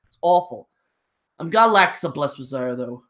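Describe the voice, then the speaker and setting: A man's voice: on the high side, animated, normal speed, fairly bright tone. A young man ranting casually on a live stream, blunt and rambling, with frequent restarts. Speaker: wrestling show reviewer.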